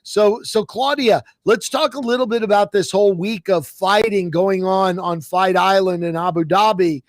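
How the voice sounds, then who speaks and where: Male co-host, higher pitch, conversational interviewer, dry close sound. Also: fairly even intonation, moderate pace, no echo. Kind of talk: interview questions.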